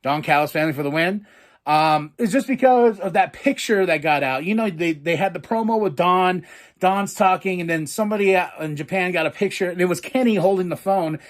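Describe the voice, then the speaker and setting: A man hosting a podcast, casually reviewing wrestling matches in an excitable, profane way, acting out his own reactions. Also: sits high, fairly quick. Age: adult with a daughter. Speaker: podcast host.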